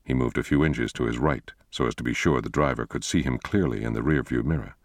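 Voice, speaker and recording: A man reading a thriller novel aloud as an audiobook narrator, in a measured, steady way. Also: very deep voice, no room sound, studio quality. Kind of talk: scripted narration.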